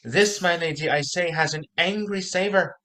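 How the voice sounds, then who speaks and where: A woman's voice: on the low side, normal speed, a bit bright, close to an everyday voice. A woman playing a flustered country manservant. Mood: ominous. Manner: frantic, breathless alarm. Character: flustered rustic male servant, old-fashioned. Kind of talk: stage comedy acting.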